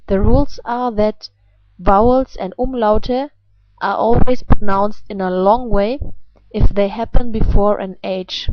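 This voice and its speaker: A woman with a German accent teaches pronunciation at a very slow, deliberate pace. She stretches words out and keeps asking her listener questions. Her voice is dry and close, with a slightly dull, muffled recording. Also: mid-range voice, no room sound. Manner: patient, questioning, drawn-out words. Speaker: language teacher. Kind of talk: slow explanatory lesson.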